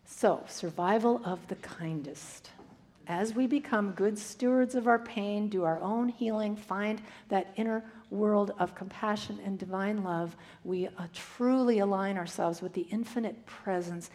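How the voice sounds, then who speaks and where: A woman closing an inspirational spiritual talk, calm, slowing down for her final words. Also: mid-range voice.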